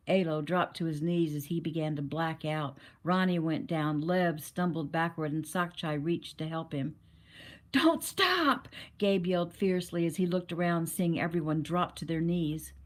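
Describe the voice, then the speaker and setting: A woman's voice: on the low side, a little mellow. Woman narrating a novel steadily. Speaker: audiobook narrator.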